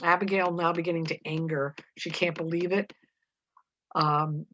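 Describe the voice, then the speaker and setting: Low-voiced woman teaching a play. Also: fairly even intonation, normal speed, fairly bright tone, slight background noise. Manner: explains plainly with many fillers. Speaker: literature teacher. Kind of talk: reading a play aloud with commentary. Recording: dull, dry lo-fi recording.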